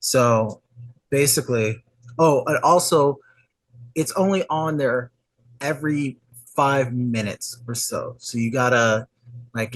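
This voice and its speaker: A man on a casual panel, joking in a dry, deadpan way. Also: medium pitch, no room sound. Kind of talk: casual chat.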